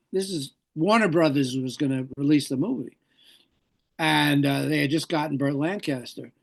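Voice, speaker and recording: An older man settles into an interview anecdote, his voice gravelly and sitting a touch high. He wanders and corrects himself as he goes, quoting the people in his story. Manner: rambling anecdotes with self-corrections. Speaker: actor, interview guest.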